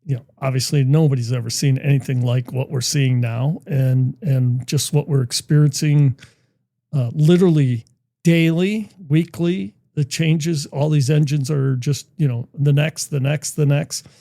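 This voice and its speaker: A man's voice: mid-range voice, steady tone, a little slow, vocal fry, dark tone, dry recording, clean studio sound. A middle-aged man as a podcast guest in casual chat, talking with enthusiasm and frequent fillers.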